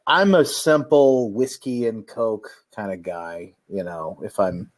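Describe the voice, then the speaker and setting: A man's voice: fairly low pitch, takes it slowly. A man co-hosting a casual online show, answering in a laid-back way with short replies. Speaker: co-host.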